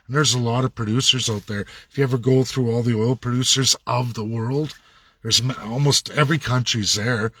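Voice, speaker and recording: A man rants hard, hammering his points with repeated rhetorical questions. His voice sits at an ordinary middle pitch. The sound is close and dry, with no room echo. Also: steady tone, a little fast, fairly bright tone. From Canada. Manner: angry, repetitive, rhetorical questions. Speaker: political commentator. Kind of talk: ranting monologue.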